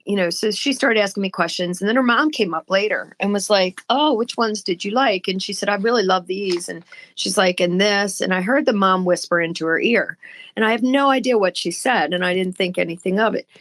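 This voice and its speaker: A woman co-hosts a podcast in casual chat, her medium-pitched voice brisk. She tells stories animatedly, acting out the people she quotes.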